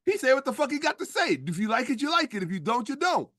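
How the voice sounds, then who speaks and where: A man's voice: very high-pitched, sing-song, fast, a bit bright, no echo, clean studio sound. A man lecturing in a casual stream, emphatic and profane, firing rhetorical questions at his listeners. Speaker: streamer and history commentator.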